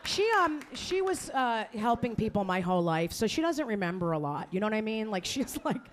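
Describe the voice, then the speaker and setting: A woman's voice: mid-range voice, big pitch swings, fairly quick, slight background noise. A woman comedian doing a stand-up set on a comedy club stage, brash and crude as she teases the crowd into a handheld mic.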